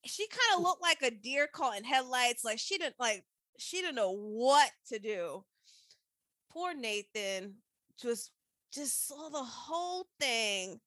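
Lively high-voiced woman retelling a scene. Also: slow, no echo. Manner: animated storytelling, quoting characters. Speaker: podcast co-host. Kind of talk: casual chat recapping a TV episode.

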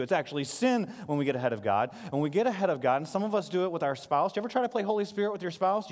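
A man in his thirties preaches from a stage, racing through animated stories and quick asides. His voice sits a little high and moves at a fast clip. The live recording carries the long reverb of a large hall. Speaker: pastor. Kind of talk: sermon.

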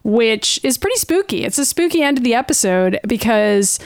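Smooth-voiced wry female podcast co-host. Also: a little high, normal speed, dry recording, studio quality. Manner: wry, swearing, summarizing with deadpan jokes. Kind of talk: casual review chat.

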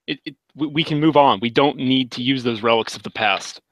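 A man's voice: medium pitch, brisk, no echo, rough recording. A man co-hosting a gaming podcast, venting with frustrated energy. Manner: frustrated ranting. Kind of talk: casual chat.

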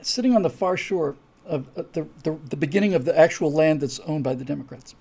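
A man's voice: fairly high pitch, fairly quick, creaky, a little mellow, breathy edge. A man who writes his own story project, chatting casually and enthusiastically to viewers with many restarts.

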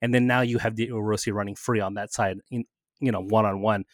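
A man explaining a point in casual podcast talk, steady and explanatory. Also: lowish voice, brisk, no echo, clean studio sound.

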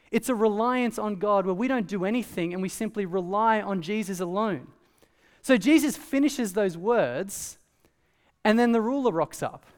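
Male pastor, casual lively preaching; high-pitched, reverberant church hall. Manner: conversational, animated preaching with asides. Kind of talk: sermon.

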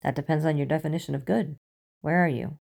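A woman's voice: sits low, steady tone, fast talker, gravelly, a little mellow. Scully, a woman reading a weary sleepless agent. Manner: weary, clipped, self-conscious. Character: tired, sleepless female FBI agent, doctor.

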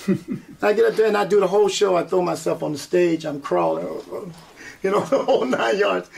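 A man's voice: sits high, vocal fry. A man, a singer, telling his story in an interview, acting out what people said to him and laughing often. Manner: animated storyteller, acts out quotes, laughs often. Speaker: guest singer and performer.

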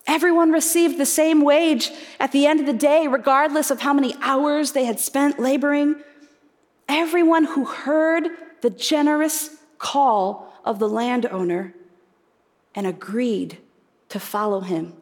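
A woman preaching a sermon, earnest and reflective, posing rhetorical questions to her congregation. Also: sits high. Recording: reverberant hall.

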